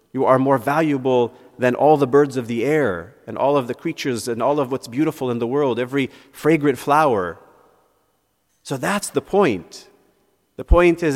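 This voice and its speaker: Priest preaching in a reverberant church. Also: male voice, mid-range voice. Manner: reflective, asks rhetorical questions, repeats words. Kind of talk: homily.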